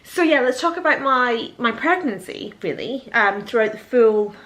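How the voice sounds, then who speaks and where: A young woman talks to the camera she holds in her hand, sitting at home. She sounds emotional and close to tears as she rambles through her thoughts. Her speech is casual and full of pauses and ums. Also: fairly high pitch, expressive, fairly bright tone. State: teary and tired. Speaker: vlogger. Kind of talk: casual vlog chat. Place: at home indoors. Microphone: handheld camera.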